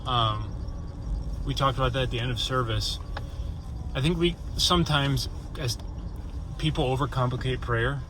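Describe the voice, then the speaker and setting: A man's voice: medium pitch, normal speed, long pauses. A young man talking casually to his phone camera for a vlog, rambling and correcting himself as he goes. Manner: rambling, chatty, self-correcting. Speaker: vlogger. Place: in a car. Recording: noisy car interior. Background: car and road noise.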